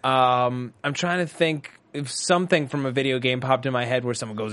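A man's voice: medium pitch, moderate pace, few pauses, a bit bright, no echo. A man co-hosting a podcast, chatting casually through a TV episode recap with lots of fillers and restarts. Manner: chatty, rambling with many fillers and restarts, breaks into jokey impressions. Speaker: podcast co-host.

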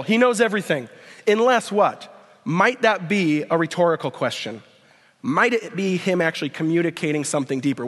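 A man preaching a sermon at a university, full of rhetorical questions, building to emphatic peaks and dropping to a quiet prayer. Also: sits high. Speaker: speaker at a university chapel. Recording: long hall reverb.

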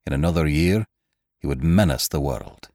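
A man's voice: extremely low pitch, lively intonation, darkish tone, no echo, studio quality. A man voicing a stern, grave elderly doctor in an audiobook reading. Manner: grave, deliberate. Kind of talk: audiobook character voice.

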